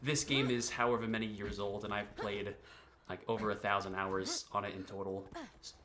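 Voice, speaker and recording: A man's voice: on the low side, flat delivery, normal speed, background noise. A young man in casual livestream commentary, rambling and self-deprecating, with a sarcastic streak. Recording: game music behind the voice.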